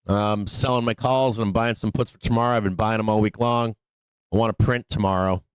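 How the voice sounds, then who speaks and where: A trading show host runs a live market commentary stream, talking casually and profanely, laughing often and answering imagined viewer questions himself. His voice is fairly low and fairly quick, with a clean tone and a dry recording.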